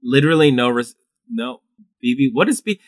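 Man, guest co-host, very lively pitch, dry close studio mic, excitable trivia reader. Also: moderate pace, no room sound. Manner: animated, reads film trivia aloud excitedly. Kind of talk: casual podcast chat.

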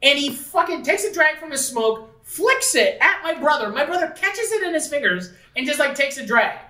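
A woman's voice: high-pitched, sing-song, moderate pace, pushed and bright. A woman from Canada, rambling profanely in casual chat, full of "like". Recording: roomy, distant from the mic.

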